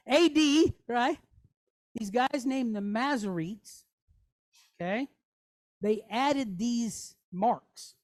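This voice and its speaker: A woman's voice: on the high side, dry recording, clean studio sound. A woman teaching a class in a chatty way, often checking in with "okay?" and "right?". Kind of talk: classroom lesson.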